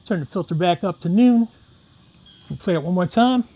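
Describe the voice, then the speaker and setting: A man's voice: high voice, lively intonation, normal speed, muffled recording. A man talking casually through a guitar pedal demo, walking through each knob setting step by step. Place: room with guitar gear.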